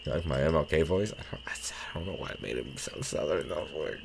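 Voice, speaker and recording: A man's voice: a bass voice, fairly quick, vocal fry, few pauses, slightly rough. A man casually commenting on a game he is playing, swearing a lot and reading the game's diary text aloud. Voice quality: profane, sarcastic, reacts loudly. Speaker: let's play host.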